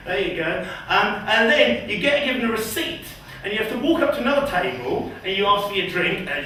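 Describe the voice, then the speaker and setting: A man doing a first stand-up set in a small comedy club, nervous and hesitant with many pauses and ums. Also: sits high, animated, sharp tone. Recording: echoey room from far off.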